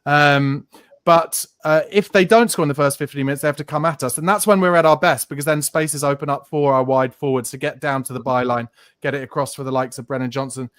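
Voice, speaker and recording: A male podcast host in casual football chat who breaks the match down in long, analytical stretches and drops the odd swear word. His voice sits a touch high and sounds dry and close to the mic. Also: fairly even intonation, brisk, fairly bright tone, smooth, dry recording.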